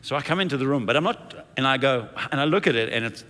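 A man's voice: mid-range voice, animated, fast, sharp tone, in a large hall. A man preaching a sermon as senior pastor, telling stories and acting out the quotes in playful voices. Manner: storytelling with playful acted-out quotes.

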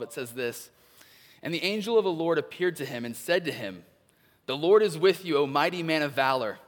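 A young adult man preaching a sermon as a pastor, animated and acting out the characters he describes in quick voiced asides. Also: a little high. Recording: long hall reverb.

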